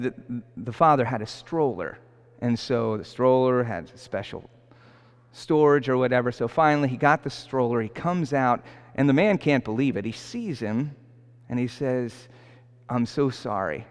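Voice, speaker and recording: A male priest telling a story in a homily, with an animated storytelling manner and frequent restarts. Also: mid-range voice, clear, resonant tone. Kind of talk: sermon. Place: church. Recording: long church reverb.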